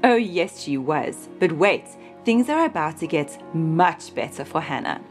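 A woman telling a Bible story to a child in a gentle, expressive manner. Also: low voice, a little slow, faint music behind.

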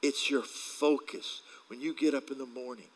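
A man's voice: mid-range voice, fairly even intonation, moderate pace, rough recording. A male pastor preaching a casual sermon, telling stories with acted quotes and laughing along as he talks.

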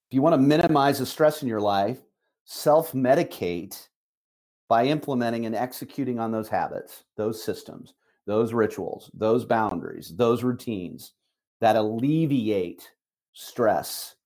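A middle-aged man, a managing broker, giving an emphatic motivational talk on a call, repeating key phrases with slow, deliberate stress. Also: mid-range voice, darkish tone.

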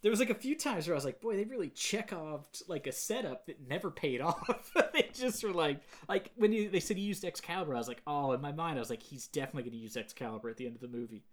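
A man hosting a podcast, casually retelling movie scenes in an animated way and quoting lines. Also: a little high, fast, hardly any pauses. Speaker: podcast host. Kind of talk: casual chat.

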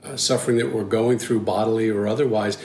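Church leader, man, halting thoughtful talk, roomy echo, faint hiss. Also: on the low side, fairly even intonation, a little mellow. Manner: halting, thoughtful, many restarts. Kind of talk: casual discussion.

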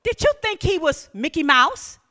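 A woman preaching a sermon in a high, bright voice. She is animated, shouting some lines and dropping to hushed near-whispers on others. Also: normal speed. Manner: animated, swings between loud emphatic lines and near-whispers.

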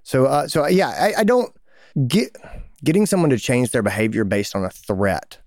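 A male podcast co-host in casual conversation, illustrating his points with small made-up scenarios. His voice sits at a middle pitch. The recording is close and dry. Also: animated, moderate pace, a little mellow, no room sound. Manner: conversational, spins little hypothetical stories. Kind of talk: casual advice chat.

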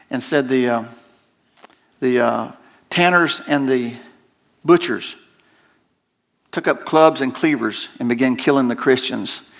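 A man's voice: medium pitch, fairly bright tone. A male preacher delivering a sermon, retelling scripture stories dramatically and often repeating words as he restarts his sentences.

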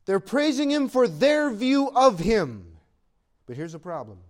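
A man preaching a sermon as pastor, swinging from loud proclaiming to quiet asides, with laughs between points. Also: high voice, huge pitch swings, a little slow.

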